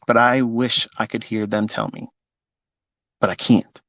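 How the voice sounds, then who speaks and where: A fifty-year-old man with a gravelly voice, telling a personal story off the cuff in a blunt, emotional way with plenty of swearing. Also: mid-range voice, flat delivery, measured pace, fairly bright tone, dry recording. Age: 50s. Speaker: trading educator on a live talk. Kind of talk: unscripted live talk.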